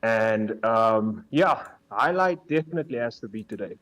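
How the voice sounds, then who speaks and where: A man's voice: on the low side, animated, normal speed, a bit bright. A man who has just won a sim racing event, answering interview questions and laughing with happiness. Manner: overjoyed, laughing between words. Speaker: winning sim racing driver. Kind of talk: post-race interview over a call.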